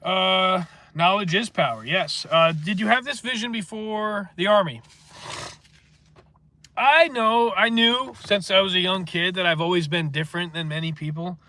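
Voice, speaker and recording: A man with a stuffy nose talks in a loose, meandering way, often stopping on filler words. His voice sits a little high for a man and has a bright, forceful edge. He hosts a casual livestream and reads out viewer comments. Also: moderate pace. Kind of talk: rambling casual monologue.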